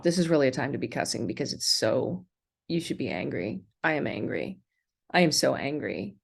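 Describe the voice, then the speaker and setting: A woman's voice: low voice, very animated, brisk, gravelly, a little mellow, breathy edge. A middle-aged American woman delivering a rambling, indignant vlog rant, full of ums and restarts. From United States. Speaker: vlogger. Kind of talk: ranting livestream monologue.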